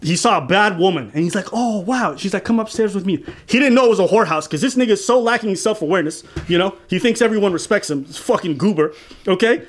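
A man co-hosting a commentary show, talking casually in a mocking, animated and profane way. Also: high voice, fast talker. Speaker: commentary channel co-host.

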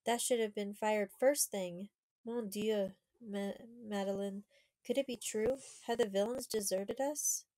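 A woman's voice: mid-range voice, steady tone, measured pace, mellow, dry recording, close to an everyday voice. A woman reading the part of an anxious teenage boy who growls his worries. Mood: alarmed. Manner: alarmed, growling.

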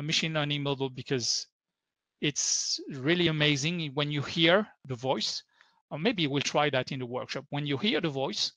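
A man's voice: on the high side, sharp tone, no room sound. Upbeat French-accented man presenting. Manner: upbeat, keeps saying super and so. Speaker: workshop presenter. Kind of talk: conference tech talk.

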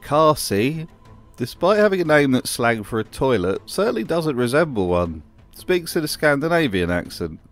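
A man's voice: mid-range voice, big pitch swings, moderate pace, faint music behind. A man narrating a wry commentary voice-over in a dry, sardonic manner. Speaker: video narrator.

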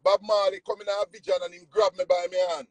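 A Jamaican man, a nutritionist, telling spiritual stories in a casual, preachy, animated way. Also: fast, no echo, poor audio. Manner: animated, preachy, swings pitch widely.

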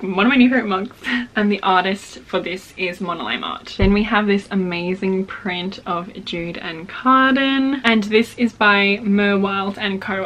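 A young woman chats excitedly through an unboxing, gasping and gushing over each item in a mid-pitched voice. A faint hiss of noise sits under her talk. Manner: gushing, gasps often, repeats "oh my gosh". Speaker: book unboxing vlogger.

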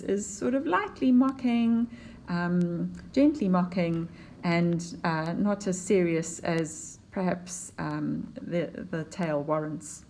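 Woman, lowish voice, teacher talking through a poem over slides, patient and explanatory. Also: darkish tone. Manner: explanatory, unhurried, with fillers and restarts. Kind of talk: poetry lesson over slides.

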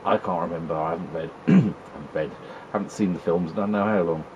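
This retro gaming video host has a low, slightly mellow voice and talks fast, offering wry, chatty commentary as he plays an old video game and teases the characters on screen. The highs are cut off, with slight background noise.

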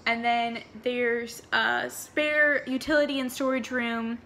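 A woman's voice: a little high, steady tone, slow pace, sharp tone. A young woman chatting through a paranormal storytime vlog, rambling and full of fillers. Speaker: vlogger.

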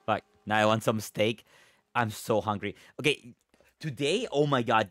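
A man's voice: lowish voice, a little slow, fairly bright tone, dry recording, soft background music. Chatty young male streamer. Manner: chatty, giggly, thanks viewers, swears casually. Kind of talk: casual stream chat.

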